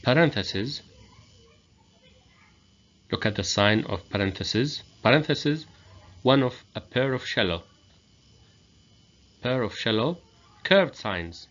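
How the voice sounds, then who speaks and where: A man whose first language is Arabic, giving a grammar lesson as a teacher, explaining slowly and repeating each example. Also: mid-range voice, expressive, a bit bright. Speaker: English teacher. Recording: dull lo-fi recording.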